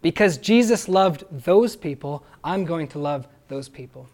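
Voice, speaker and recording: A man preaching a sermon, earnest and emphatic, often pausing to ask his listeners rhetorical questions. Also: fairly high pitch, lively intonation, a little mellow. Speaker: pastor.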